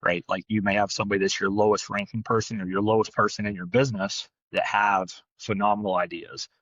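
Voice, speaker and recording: A man's voice: fairly low pitch, little pitch movement, a bit bright, dry recording, muffled recording. A man co-hosting a podcast, telling a work story in a blunt, casual way, often tagging lines with "right?" and swearing now and then. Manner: fast, blunt, peppered with "right?". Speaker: podcast co-host, dog trainer.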